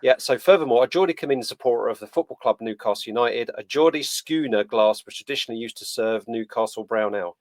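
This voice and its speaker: A man's voice: medium pitch, fast, few pauses, no echo. A man hosting a podcast interview in a casual, rambling way with lots of fillers and restarts. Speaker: podcast host.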